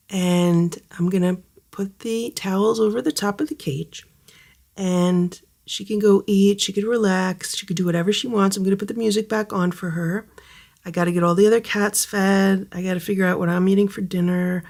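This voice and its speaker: A woman narrating a casual vlog while caring for a rescued kitten indoors. Her voice has a gravelly, creaky edge at an average pitch. She speaks softly and soothingly. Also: fairly even intonation, normal speed. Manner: soothing, coaxing, switches to high sing-song baby talk for the kitten. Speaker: cat rescuer vlogger.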